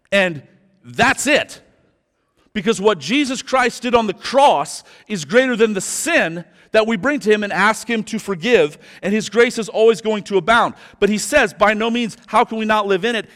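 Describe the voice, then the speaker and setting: A man preaching a sermon as pastor, emphatic and slowing down to stress his points. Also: sits high, a bit bright. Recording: long hall reverb.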